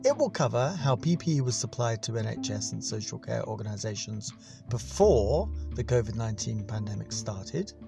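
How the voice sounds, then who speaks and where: Guy rambling on his podcast, gravelly voice, laughs a lot, swears loads, bit of music under it. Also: on the low side, expressive, normal speed. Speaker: podcast host. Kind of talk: casual solo podcast monologue.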